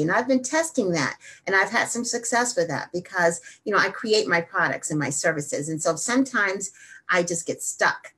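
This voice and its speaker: Husky lady wellness host, lively talk then slow calm meditation guiding. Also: medium pitch. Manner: energetic and chatty, slowing down to guide meditation.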